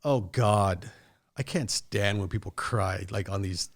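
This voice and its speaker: A man's voice: fairly low pitch, a little slow, gravelly. Rambling, chatty male podcast host. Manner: rambling storyteller with many restarts. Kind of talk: casual chat.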